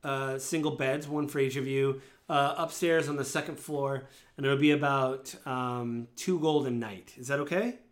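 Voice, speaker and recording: A man's voice: mid-range voice, steady tone, moderate pace, close to an everyday voice. A man voicing a courteous female elf innkeeper in a tabletop game. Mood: polite. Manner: courteous, helpful.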